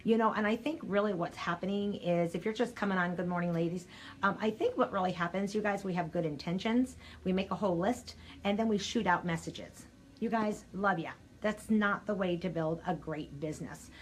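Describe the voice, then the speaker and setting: An older woman giving a chatty, energetic live coaching talk straight to her viewers, her throat scratchy and needing clearing. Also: mid-range voice, a little fast. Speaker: sales coach.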